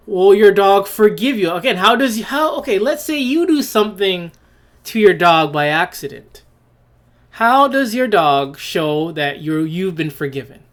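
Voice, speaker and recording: A man's voice: on the high side, a bit bright. Blunt, scornful man ranting solo. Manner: blunt, scornful, rhetorical questions; repeats and restarts phrases. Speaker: podcast host. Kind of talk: opinion monologue.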